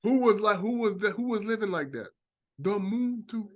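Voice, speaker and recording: A man with a notably high voice preaches in a long monologue. He talks animatedly and breaks into acted-out exclamations to make his point. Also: moderate pace, dull audio. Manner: animated, acts out reactions in exclamations. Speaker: religious teacher.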